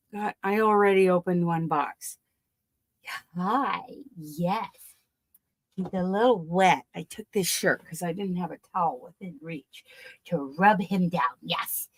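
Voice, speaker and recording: A woman's voice: mid-range voice, a little slow, poor audio. A woman hosting a casual live stream who coos to her pet in sing-song baby talk between chatty remarks. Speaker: crochet channel host.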